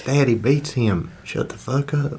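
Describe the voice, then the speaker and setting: A man's voice: medium pitch, measured pace, darkish tone, slightly rough. A man playing a meddling, churchy bus aide who scolds and gossips in an improvised comedy bit. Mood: scolding. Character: meddling older churchy male-ish bus aide named Mary.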